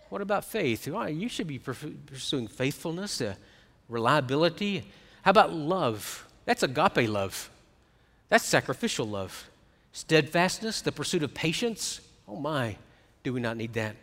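A middle-aged man preaching a sermon as pastor, swinging from hushed, quiet stretches to emphatic ones. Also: fairly high pitch, big pitch swings, normal speed, in a large hall.

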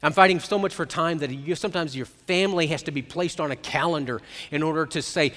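A middle-aged man preaching a sermon as pastor, swinging from hushed, quiet stretches to emphatic ones. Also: fairly high pitch, quick pace, few pauses, in a large hall.

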